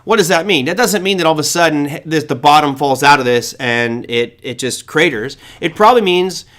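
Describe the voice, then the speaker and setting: A man with a somewhat high-pitched voice hosts a live trading show, talking through charts in an easygoing way. He leans hard on his points and drops exclamations and quick asides as he goes. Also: fairly bright tone. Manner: casual and emphatic, with exclamations and asides. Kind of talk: live market commentary walking through charts.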